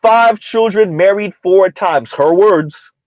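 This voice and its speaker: Hosting a reaction commentary from South Florida, this channel host speaks emphatically and sarcastically, stretching words out and repeating them, with frequent rhetorical "huh?"s. His voice sits high with a darkish tone, and the recording is muffled with no room sound.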